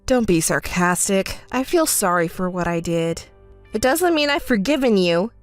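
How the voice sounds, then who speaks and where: A woman's voice: mid-range voice, animated, normal speed, faint music behind, pitched below the performer's own voice, natural voice. A woman voicing a hurt, indignant young bride in a text story, scolding and sarcastic. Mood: cold.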